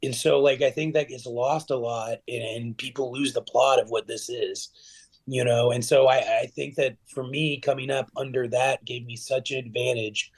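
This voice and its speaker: A man with a gravelly, fry-touched voice, talking casually as a podcast guest. He rambles through stories with plenty of "like" and "you know," and gets lively when he acts out old memories. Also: medium pitch, moderate pace. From Middle Tennessee. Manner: rambling, filler-heavy, animated when retelling stories. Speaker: guest, professional wrestler.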